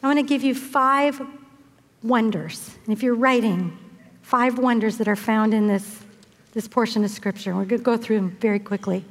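A high-voiced older woman delivers a sermon with expressive storytelling, slipping into the voices of the people in her story. Her voice rings out with a long, lingering reverb, as if filling a large hall. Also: normal speed. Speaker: speaker at a women's event.

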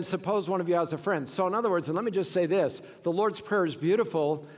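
High-voiced preaching man in a reverberant hall. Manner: swings from shouted preaching to low, quiet asides. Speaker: pastor. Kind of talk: sermon.

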